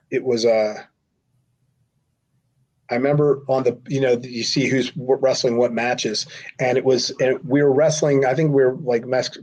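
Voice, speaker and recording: A man's voice: medium pitch, darkish tone. A middle-aged man telling a long, rambling anecdote as a podcast guest and acting out the other people's lines in voices. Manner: rambling, acts out quotes with voices. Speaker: podcast guest, former wrestler. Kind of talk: casual storytelling. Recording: slightly dull lo-fi audio.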